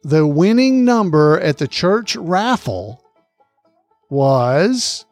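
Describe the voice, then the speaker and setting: A man's voice: on the high side, big pitch swings, a little mellow, no room sound, faint music behind. Chuckling man hosting a podcast quiz. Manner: reads questions slowly and repeats them, chuckles often. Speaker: podcast host running a trivia quiz. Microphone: close podcast microphone.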